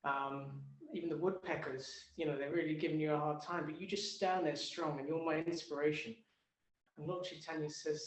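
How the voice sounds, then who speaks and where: A man's voice: on the high side, fairly even intonation, fairly quick, reverberant. A man giving an earnest, prayerful devotional talk over a video call. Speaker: spiritual speaker.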